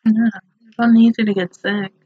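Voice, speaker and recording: A woman's voice: on the high side, level tone, moderate pace, breathy edge, no echo, phone-quality sound. A young woman reacting to an anime, emotional and exclaiming as she talks to the screen. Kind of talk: casual reaction commentary.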